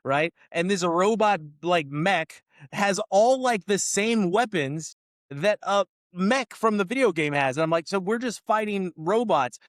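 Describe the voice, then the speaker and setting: High-pitched male co-host, ranting and exasperated, dry close mic; casual podcast review. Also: expressive, measured pace, no room sound. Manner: ranting, exasperated, quotes lines in mocking voices. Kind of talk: casual movie review chat.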